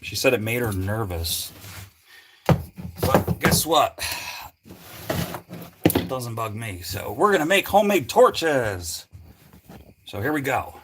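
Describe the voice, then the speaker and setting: A man's voice: mid-range voice, sing-song, takes it slowly, long pauses, background noise. Rambling, chatty livestreaming man. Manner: rambling, filler-heavy, chatty with viewers. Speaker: livestream host working on a truck. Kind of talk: casual live-stream chat.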